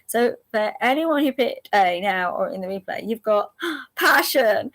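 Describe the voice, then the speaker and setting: A woman's voice: medium pitch, animated, creaky. A woman hosting a live angel card reading, chatty and laughing often as she speaks straight to her viewers. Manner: repeats options slowly and gently.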